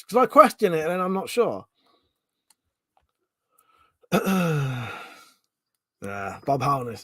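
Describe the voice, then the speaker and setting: A man's voice: fairly high pitch, a bit bright, dry recording. A man with a Home Counties English accent hosting a casual live stream, reading out chat questions, thinking aloud and swearing freely.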